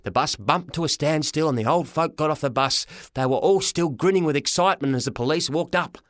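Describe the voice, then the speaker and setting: A man narrating a children's story as a boy, with a lively, dramatic reading. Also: fairly high pitch, a little fast, dry recording, studio quality. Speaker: audiobook reader. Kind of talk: storybook narration in a boy's first person.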